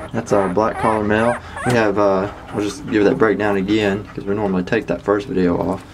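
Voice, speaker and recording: A very low-voiced man talks in a relaxed, folksy way through a casual home video update about his litter. His recording is noisy, with dogs and household sounds close by. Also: normal speed. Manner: easygoing, folksy, chats to the dogs between remarks. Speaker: dog breeder. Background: dogs and household noise.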